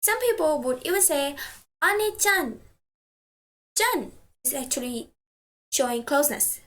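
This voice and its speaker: A woman teaching a language lesson, patiently saying each word twice and slowly for practice. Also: sits high, animated, fairly bright tone.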